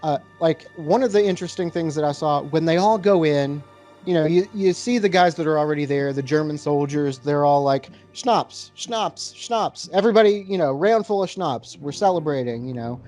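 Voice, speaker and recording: A man hosting a casual podcast chat, rambling and relaxed, with lots of fillers as he tastes and describes a beer. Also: fairly high pitch, a little fast, faint music behind.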